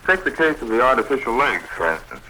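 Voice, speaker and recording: A man's voice: medium pitch, big pitch swings, fast, pushed and bright, a little hiss or hum, poor audio. A man being interviewed about his club on a scripted 1940s radio broadcast, reading his prepared lines steadily and proudly. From United States. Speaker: Red Cross program director.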